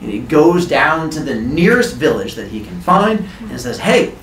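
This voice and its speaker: A man hosting a podcast and telling a comic story in an animated, playful way. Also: medium pitch, moderate pace, a little hiss or hum. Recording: roomy echo.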